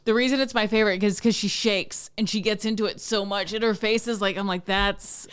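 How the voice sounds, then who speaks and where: A woman's voice: mid-range voice, fairly even intonation, a little fast, smooth. A woman hosting a podcast, telling stories playfully and swearing freely. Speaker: podcast host. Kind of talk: casual podcast chat.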